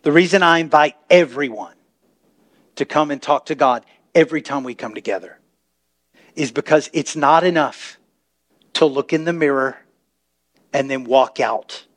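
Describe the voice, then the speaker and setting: A man preaching a sermon as pastor, talking to the congregation in a chatty way and building to impassioned shouts. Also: a little high, normal speed, long pauses. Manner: impassioned, rising to shouts, conversational asides to the congregation. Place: church sanctuary.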